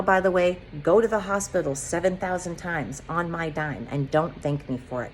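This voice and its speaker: A woman's voice: fairly low pitch, faint music behind. A woman hosting a solo podcast, ranting passionately in a rambling monologue full of rhetorical questions. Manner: impassioned ranting with rapid-fire rhetorical questions; rambling, self-described digressive. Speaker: podcast host.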